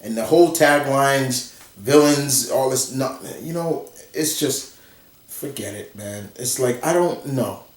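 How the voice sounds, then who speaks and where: Slow and mid-range in voice, a vlogger grumbles bluntly and with plenty of profanity in an exasperated movie commentary. The microphone sits far away, picking up a roomy echo.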